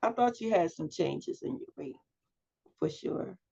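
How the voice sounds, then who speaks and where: A woman's voice: mid-range voice, expressive, unhurried, vocal fry, mellow, husky. A woman teaching a public speaking class over a video call, prompting students with questions and giving feedback. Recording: dull lo-fi video call audio.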